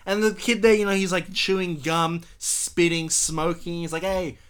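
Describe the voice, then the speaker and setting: A man's voice: sits high, fairly even intonation, moderate pace, a bit bright, smooth. A man co-hosting a film review podcast, rambling animatedly through vivid hypotheticals with the odd swear word. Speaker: podcast co-host reviewing films. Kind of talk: casual film review chat.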